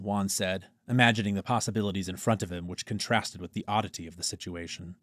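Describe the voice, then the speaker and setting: A man reading a story aloud as audiobook narrator, dropping low on speech tags. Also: fairly even intonation, quick pace, hardly any pauses, no room sound, clean studio sound.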